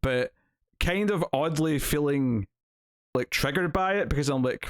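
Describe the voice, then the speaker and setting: A man's voice: on the high side, moderate pace, dry recording. A Scottish man co-hosting a casual TV review chat, talking animatedly. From Scotland. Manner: animated, acts out quotes in put-on voices. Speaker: TV review co-host.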